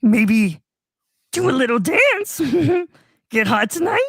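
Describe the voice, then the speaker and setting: Creepy clown monster, very high squeaky voice, giggly, wheedling, dry sound. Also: male voice, very animated, slow pace, vocal fry, fairly bright tone, breathy edge, no echo, heavily acted. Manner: high giggly wheedling, laughs between words.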